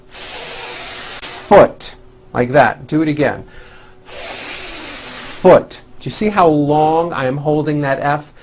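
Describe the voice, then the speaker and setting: A man teaching English pronunciation in a scripted lesson, demonstrating sounds slowly and with exaggeration. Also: a little high, a little hiss or hum.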